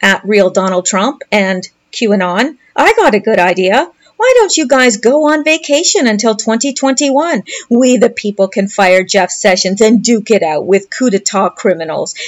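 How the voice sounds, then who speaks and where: A woman's voice: mid-range voice, lively intonation, moderate pace, hardly any pauses. A woman commentator reading posts aloud and commenting on them in a sarcastic, mocking way.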